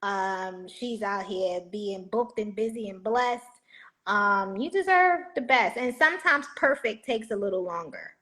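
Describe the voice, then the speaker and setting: A woman hosting a casual livestream chat. She talks in an animated, playful way, breaking into laughter and loud bursts. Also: mid-range voice, unhurried. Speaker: host of a live show.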